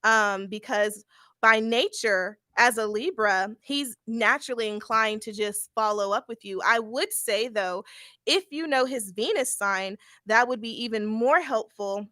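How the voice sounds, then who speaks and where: A woman's voice: on the high side, normal speed, sharp tone, no echo, clean studio sound. A young woman giving a casual live-stream tarot reading, blunt and laughing often, with occasional swearing. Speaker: tarot reader.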